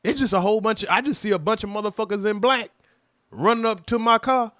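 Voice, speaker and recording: Animated profane man telling a story. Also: high-pitched, fast talker, no echo, clean studio sound. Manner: animated, profane, acts out quoted voices loudly. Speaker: livestream host telling a personal story. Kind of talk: casual livestream storytelling.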